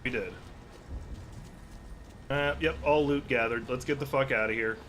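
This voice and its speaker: Man, gaming livestream commentary, rambling and chatty, swears freely, average pitch, faint background noise. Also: measured pace, fairly bright tone. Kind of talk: casual gameplay commentary.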